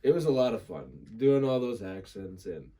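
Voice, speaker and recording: A young man talking casually as a podcast guest, laughing often and slipping into quick impressions. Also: mid-range voice, lively intonation, mellow. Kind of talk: casual chat.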